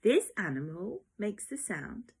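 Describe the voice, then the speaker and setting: A woman's voice: mid-range voice, very animated, a little slow, darkish tone, slightly rough. A woman teaching young children, talking in an exaggerated, encouraging, sing-song way and sometimes dropping to a whisper. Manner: drops into whispers at times.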